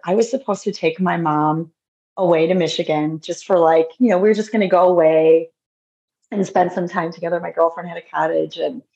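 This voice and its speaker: A woman's voice: fairly low pitch, gravelly, darkish tone. A middle-aged woman, a podcast guest, telling her personal faith story in an earnest, heartfelt way, often restarting sentences. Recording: dull lo-fi audio.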